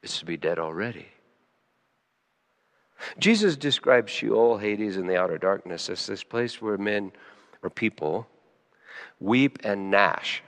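A man preaching a sermon, dropping to hushed, quiet lines and then rising sharply into loud, high emphasis. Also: expressive, slow pace, pauses often, in a large hall. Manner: emotional, swings between soft hushed lines and sudden loud high emphasis. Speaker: pastor.

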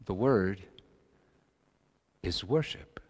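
A middle-aged male pastor preaching a sermon, swinging between loud emphatic lines and soft, low asides. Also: expressive, drawn-out words, breathy edge.

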